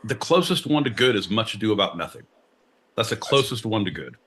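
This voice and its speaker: A man's voice: fairly low pitch, expressive, fairly quick, a bit bright. A man co-hosting a live comedy podcast, ranting in a profane, theatrical way with mock-Shakespearean flourishes. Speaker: podcast co-host. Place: live show venue.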